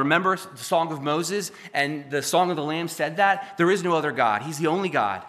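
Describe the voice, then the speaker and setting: Bright-voiced man preaching fervently. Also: a little high, lively intonation, brisk, few pauses. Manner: building from quiet to fervent, emphatic preaching. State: sweating and dry-mouthed. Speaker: pastor. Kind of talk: sermon.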